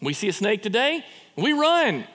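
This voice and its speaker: Brief: male pastor, sermon, lively up-and-down delivery, reverberant hall. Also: high-pitched, normal speed. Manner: animated, conversational preaching with rhetorical questions and repeated restarts.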